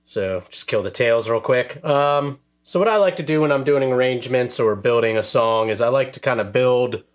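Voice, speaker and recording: A man casually explaining how he arranges a track on a music sampler, relaxed and full of fillers like "um" and "uh". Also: medium pitch, normal speed. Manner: relaxed, filler-heavy, self-deprecating. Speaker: music producer demonstrating a track. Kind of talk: casual tutorial talk.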